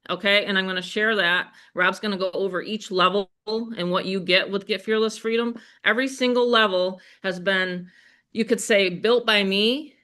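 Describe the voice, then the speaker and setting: A middle-aged woman with a Western New York accent, hosting a live webinar in an energetic, chatty way and talking straight to her audience. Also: mid-range voice. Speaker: webinar host. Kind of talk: live sales webinar chat.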